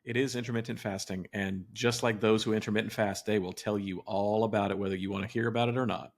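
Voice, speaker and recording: A male podcast co-host talks casually in a lowish voice, wry and reflective. He thinks out loud, circling back and restarting sentences as his thoughts settle. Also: fairly even intonation, fast talker. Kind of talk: casual chat.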